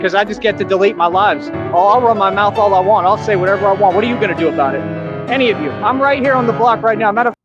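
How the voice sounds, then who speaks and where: Playing as a clip, this confrontational livestream rant has a man being defiant, profane and taunting. He speaks fast in a high pitch, and the audio is muffled under loud music.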